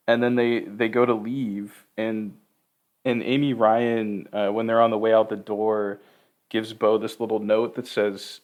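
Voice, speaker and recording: A man's voice: on the low side, level tone, normal speed. A man hosting a podcast, recapping a movie in a rambling, profane, casual way with lots of fillers. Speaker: podcast host.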